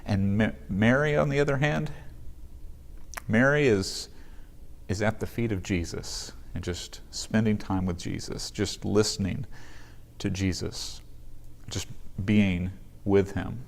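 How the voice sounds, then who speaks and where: A man's voice: fairly low pitch, slow pace, vocal fry. A male pastor giving a sermon in an earnest, conversational way in a church sanctuary.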